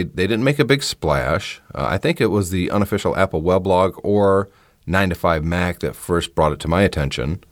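A low-voiced man hosts a casual solo podcast, chatting and offering his opinions while often restarting his sentences. The recording is studio quality with no room sound.

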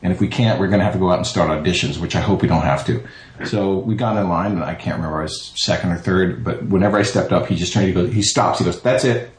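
A man's voice: sits low, fast, echoey room, rough recording. A man, a voice actor, chatting casually in an interview and acting out the people he quotes. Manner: animated storyteller, acts out quotes. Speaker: voice actor, guest.

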